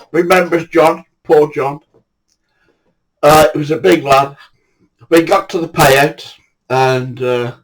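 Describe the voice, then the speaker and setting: A man's voice: on the high side, low-quality recording. An older man, casually telling anecdotes in a blunt way, swearing freely. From England. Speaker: storyteller.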